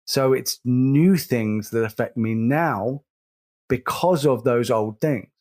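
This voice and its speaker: A man, co-hosting a casual podcast, speaking earnestly and slowly, repeating words as he stresses a point. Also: medium pitch, a little mellow. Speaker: podcast co-host.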